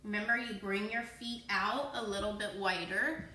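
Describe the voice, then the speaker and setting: A woman's voice: mid-range voice, fairly even intonation, moderate pace, sharp tone, a little hiss or hum. A woman teaching a children's yoga class, playfully encouraging and cueing poses and breaths, with animal sounds. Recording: echoey room.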